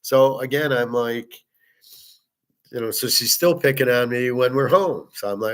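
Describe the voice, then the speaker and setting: A man's voice: mid-range voice, unhurried. A middle-aged man hosting a casual monologue, telling a personal story in a blunt, profane way. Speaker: host.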